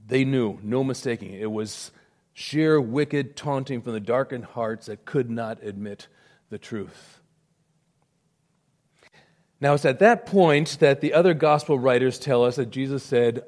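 A male pastor preaching a sermon. He swells into loud emphasis and then drops to a near hush. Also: mid-range voice, slow pace, long pauses.

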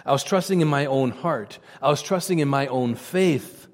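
A man preaching a sermon in an earnest, testifying manner, his voice dropping low and quiet at reverent moments. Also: moderate pace, long reverb tail.

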